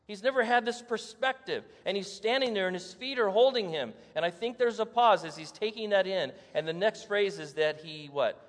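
In an echoey hall, a male preacher with a high-sitting voice delivers a sermon at a moderate pace with hardly any pauses. He tells the story dramatically, acting out scenes and putting rhetorical questions to the congregation.

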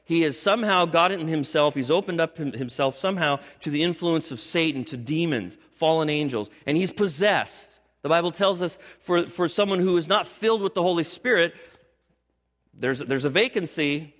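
A man's voice: a little high, normal speed. Older guy pastor preaching, tells the story with energy then pushes hard, echoey big hall. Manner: animated storytelling, rising to emphatic exhortation. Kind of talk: sermon.

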